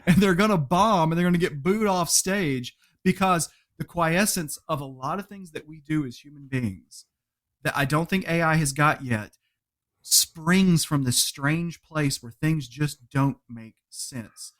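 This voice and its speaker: A man who is a podcast guest, chatting casually, telling animated stories, laughing often and acting out quotes. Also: a little high, measured pace. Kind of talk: casual interview chat.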